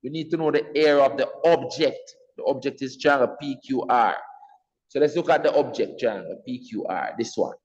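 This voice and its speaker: A man's voice: medium pitch, moderate pace, darkish tone, in a large hall, muffled recording. A man teaching an exam revision math lesson, patiently repeating key points and checking in with his class.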